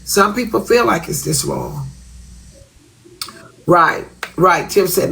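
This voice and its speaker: A woman's voice: lowish voice, a little slow, vocal fry, rough recording. A woman talking bluntly on a live stream, repeating herself for emphasis. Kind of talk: casual live-stream chat.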